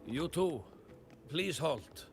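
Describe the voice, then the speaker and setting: An actor voicing a stern young male guard in a game, with a formal, measured way of speaking. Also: a little high, animated, vocal fry, full character voice. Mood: wary. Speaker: game character. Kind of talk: dubbed game dialogue. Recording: game audio with music.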